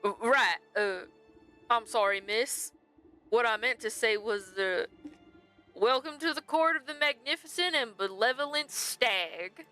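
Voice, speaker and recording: A woman's voice: fairly high pitch, a little slow, bright, forceful tone, faint music behind. A woman voicing a rude male castle guard in a game, talking in a blunt, dismissive, stumbling way. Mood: flustered.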